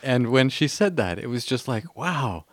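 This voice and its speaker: A man's voice: medium pitch, expressive, normal speed, no echo, studio quality. A Canadian man in his thirties, a podcast guest telling a story in a hesitant, self-mocking way. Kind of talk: casual storytelling.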